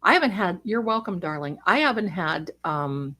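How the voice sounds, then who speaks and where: A woman's voice: fairly low pitch, sing-song, normal speed, bright, forceful tone. A middle-aged woman who grew up in Germany, chatting casually and rambling as she answers viewers during a livestream. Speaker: livestream host.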